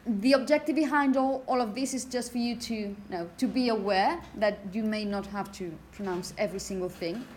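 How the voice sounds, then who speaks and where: A woman's voice: fairly high pitch, a little fast, hardly any pauses, darkish tone, slight background noise. A woman teaching a phonetics lecture to teachers. She explains step by step, checks in with the class as she goes, and chants example phrases to show the rhythm. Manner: explanatory, checks in with "okay?" and "yeah?".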